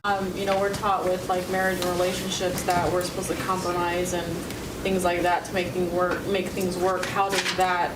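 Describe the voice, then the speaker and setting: A woman's voice: on the low side, monotone, moderate pace. Hesitant woman asking a question over noise. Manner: hesitant, searching for words. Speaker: interviewer. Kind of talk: casual question. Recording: heard over loud background noise.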